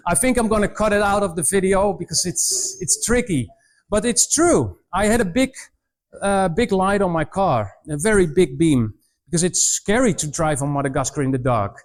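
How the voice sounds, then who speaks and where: A middle-aged Dutch man from the Netherlands, with a voice that sits high, gives students a humorous presentation as a missionary speaker. He tells anecdotes, restarting his sentences often.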